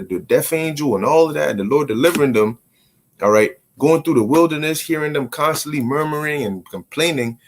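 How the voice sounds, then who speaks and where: Slangy, stammering man explaining scripture. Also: medium pitch. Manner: slangy, stammering repetitions, animated. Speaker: bible study teacher. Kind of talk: casual scripture commentary.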